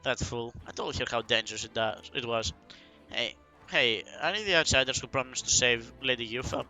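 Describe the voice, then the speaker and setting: A man voicing a grieving, gruff island man who is bitter about his reckless sister, reading it aloud low and subdued. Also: normal speed, pushed and bright, soft background music, low-quality recording. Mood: somber. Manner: reading game dialogue aloud, somber.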